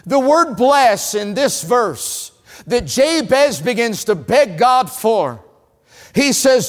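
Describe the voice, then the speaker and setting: A man with a Southern US accent from North Carolina preaching a sermon as an evangelist, telling stories and swinging between loud lines and hushed ones. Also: extremely high pitch, sing-song, slow, big-room sound. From North Carolina, USA.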